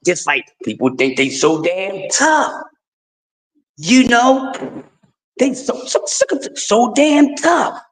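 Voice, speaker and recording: A middle-aged man, hosting a livestream in a high-pitched voice. He preaches with fierce emphasis, swinging between shouting and hushed pleading. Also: big pitch swings, takes it slowly. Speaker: livestream host. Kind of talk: impassioned livestream rant.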